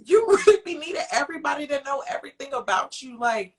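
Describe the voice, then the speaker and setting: A woman co-hosting a podcast, animated and opinionated in casual chat. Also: high-pitched, fast talker. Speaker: podcast co-host.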